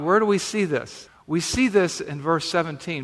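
Guy preaching in a church, chatty and emphatic, voice on the higher side, big echoey hall. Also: animated, moderate pace, few pauses, a bit bright. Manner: conversational preaching, emphatic repetitions. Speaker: pastor. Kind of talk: sermon with scripture reading.

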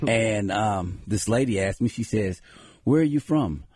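A man's voice: fairly low pitch, animated, measured pace, a little mellow, slightly rough, no room sound, clean studio sound. An American man in his forties, co-hosting a casual podcast, who tells jokey stories and slips into mock voices. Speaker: co-host.

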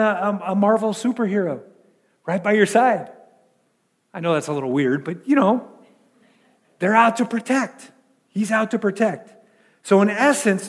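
A man's voice: sits high, in a large hall. A male pastor preaching a sermon in a chatty way, full of repeated words and rhetorical questions.

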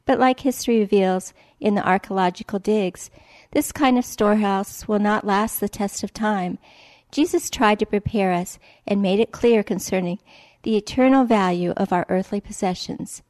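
Woman, devotional reader; calm, measured scripted reading, dark mellow tone, dry recording. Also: mid-range voice, no echo.

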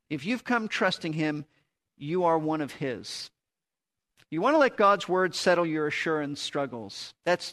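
A man's voice: sits high, a bit bright. A man preaching a radio Bible teaching, earnest and emphatic, often repeating key words for stress.

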